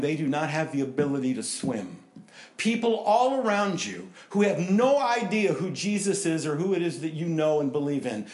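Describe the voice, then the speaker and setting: A middle-aged man preaching a sermon, telling stories and swinging between loud animated bursts and hushed, earnest passages. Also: a little high, normal speed. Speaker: pastor. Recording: roomy, echoey hall.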